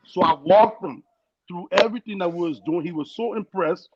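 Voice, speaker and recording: A young man with a foreign accent tells his story on a podcast, earnest and animated, acting out the people he quotes. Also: high voice, a little fast. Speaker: guest. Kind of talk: casual storytelling. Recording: dull lo-fi sound with loud noise.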